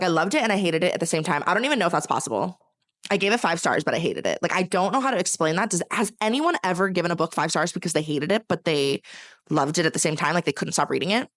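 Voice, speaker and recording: A young woman from California talks casually about her month's reading. Her voice sits on the low side, and the sound is close and dry. She rambles with constant filler words and swings between dramatic gushing and ranting. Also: a bit bright, dry recording. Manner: chatty, rambling, heavy use of filler words. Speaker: book reviewer. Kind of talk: casual chat.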